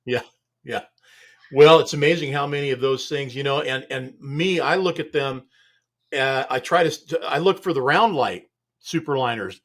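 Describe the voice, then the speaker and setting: A man's voice: mid-range voice, moderate pace, a bit bright. A man hosting a casual studio chat show, talking in a rambling, laid-back way and chuckling often. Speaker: show host.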